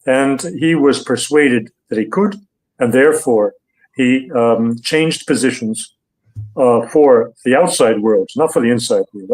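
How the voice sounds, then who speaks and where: Deliberate older male analyst. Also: mid-range voice, a little mellow, rough recording. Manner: deliberate, hesitant, with many fillers. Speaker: guest analyst. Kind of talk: interview analysis.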